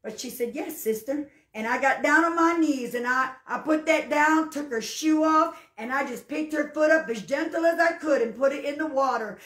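A woman's voice: high voice, moderate pace, few pauses, a bit bright, reverberant. A woman preacher telling a personal testimony in a folksy, fervent way, often breaking into cries of hallelujah. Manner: folksy storyteller. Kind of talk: spoken testimony and sermon.

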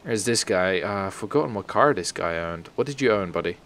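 A man's voice: deep voice, animated, brisk, fairly bright tone. A man giving comedic let's-play commentary as a gaming video host, joking crudely, swearing freely and chatting to the game's characters. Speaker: gaming YouTuber.

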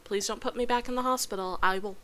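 A woman's voice: medium pitch, quick pace, fairly bright tone. A woman streaming a video game live, reacting with exasperation and frequent swearing as she talks to the game. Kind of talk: live gameplay reaction commentary.

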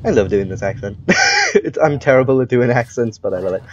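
A man hosting a let's play, talking throughout in an exaggerated put-on Russian accent with playful, gruff banter. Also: medium pitch, fairly quick, a little mellow, muffled recording, slight background noise. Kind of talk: gaming commentary. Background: game music.

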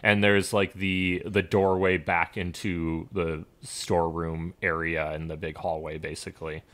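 Deep-voiced male game master. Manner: relaxed, halting descriptions with fillers. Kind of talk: narrating a tabletop game.

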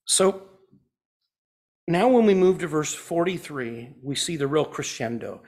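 A man preaching a sermon as pastor. He asks the congregation questions and swings from loud, urgent emphasis to a hushed softness. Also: a little high, lively intonation, unhurried.

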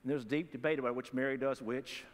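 A man's voice: medium pitch, steady tone, fast. A man preaching a sermon as pastor, in a folksy, conversational way with humorous asides. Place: church sanctuary. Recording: long reverb of a church hall.

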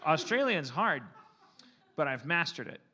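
On a live theater stage before an audience, a man hosts a comedy podcast, rambling and stammering playfully through his banter. His voice sits on the high side with big pitch swings and an unhurried delivery, and background noise can be heard.

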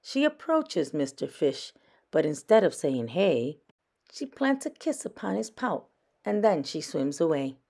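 Storytime mom reader, low, gravelly, lively sing-song delivery, slow. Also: female voice. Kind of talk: children's read-aloud.

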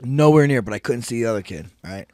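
A man co-hosting a podcast, telling a story in casual chat, animated and profane, acting out what everyone said. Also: mid-range voice, fast, no room sound. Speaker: podcast co-host.

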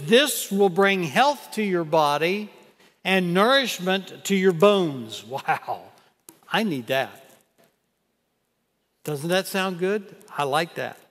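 An older man preaching a sermon as pastor in a church, earnest and measured, reading scripture aloud. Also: high-pitched, a bit bright. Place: church sanctuary. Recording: long church hall reverb.

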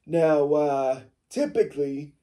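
A man impersonating a smug older male football executive, with a raspy, smoke-worn voice and slow, boastful rambling. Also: fairly high pitch, mellow. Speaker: mock interview guest.

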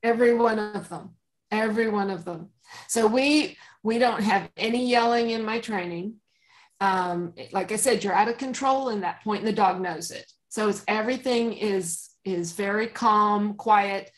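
A woman dog trainer speaking as an interview guest, calm and emphatic, often laughing and acting out commands she gives to dogs. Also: mid-range voice, normal speed. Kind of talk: conversational interview.

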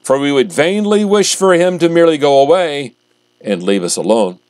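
A man, a pastor, reading scripture aloud and preaching in a measured, emphatic way, slowing down on key phrases. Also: fairly high pitch, animated, darkish tone, no room sound.

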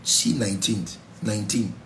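Nigerian pastor preaching in a roomy hall. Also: male voice, fairly low pitch, normal speed, a bit bright, a little hiss or hum. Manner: exhortative, mixes in pidgin asides. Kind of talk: sermon, Bible study teaching. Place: church.

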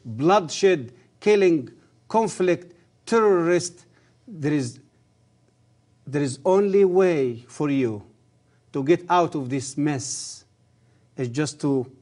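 Earnest man with halting grammar. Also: fairly high pitch, a little mellow. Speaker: guest, former professor. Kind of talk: religious TV interview.

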